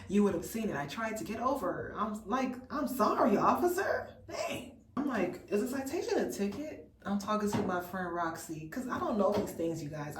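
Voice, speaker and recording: A woman from Memphis telling a storytime in an animated, incredulous, chatty way. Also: medium pitch, echoey room, distant mic, slight background noise, rough recording. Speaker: vlogger. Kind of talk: storytime vlog.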